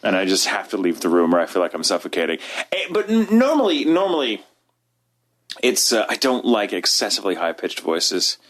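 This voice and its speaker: A man's voice: on the low side, wildly swooping pitch, brisk, fairly bright tone. A man co-hosting a casual podcast chat, talking animatedly, swearing freely and acting out voices as he goes. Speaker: podcast co-host.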